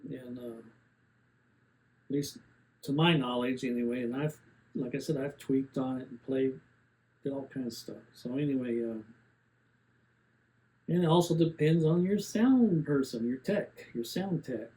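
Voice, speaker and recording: A man's voice: medium pitch, a little slow, long pauses, warm tone, low-quality recording. A man in his seventies rambling plainly through a casual gear review, with many fillers and restarts. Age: 70s.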